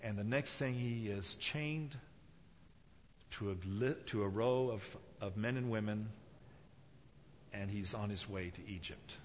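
A man's voice: fairly low pitch, measured pace, long pauses, a little hiss or hum. A man preaching a sermon, telling a story dramatically and acting out the voices of its people. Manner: dramatic, acts out quoted voices, rises and drops in intensity. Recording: dull sound in a reverberant hall.

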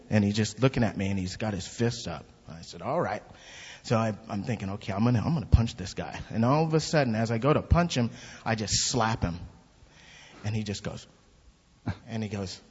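A husky man tells his church testimony as an animated story, putting on the voices of the people in it. The sound is dull and lo-fi, with a long reverb from a large hall. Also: fairly low pitch, normal speed. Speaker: church member giving testimony. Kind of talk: spoken testimony.

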